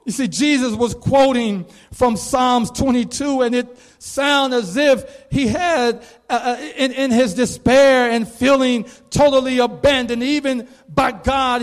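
A male preacher delivering a sermon, moving from measured storytelling to fervent, shouted proclamation. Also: very high-pitched, steady tone, smooth. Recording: long reverb of a large hall.

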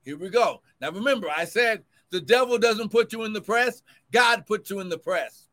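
This livestreamed sermon comes from a man who serves as pastor and prophet; he moves between shouted cries of glory and fast, low-voiced asides aimed at viewers.

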